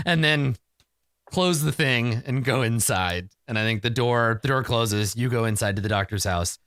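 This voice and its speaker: A man narrating a tabletop game as game master, in a chatty, animated way with many fillers. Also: medium pitch, moderate pace, no echo, studio quality.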